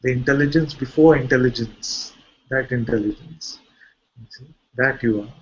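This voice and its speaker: A man with an Indian accent, a spiritual teacher giving a satsang talk in a calm, searching way. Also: mid-range voice, normal speed, highs cut off. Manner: calm, searching explanations with soft laughs.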